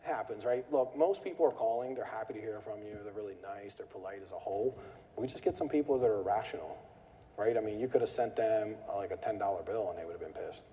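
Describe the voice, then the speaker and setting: Fast-talking man with a mellow voice in a reverberant hall. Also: slight background noise. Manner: animated storyteller, acts out angry callers in a high voice. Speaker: meetup host. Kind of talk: casual talk to a live group.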